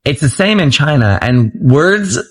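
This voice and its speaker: A man's voice: fairly high pitch, big pitch swings, a little slow. A man from the United States giving numbered travel tips in a casual vlog style, with frequent filler words. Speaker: travel vlogger.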